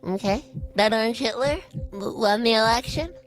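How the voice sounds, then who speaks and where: A woman's voice: moderate pace, faint music behind, lightly acted. A woman voicing a scornful, cackling woman politician in a political cartoon. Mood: sarcastic, bitter. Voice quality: shrill cackling laugh.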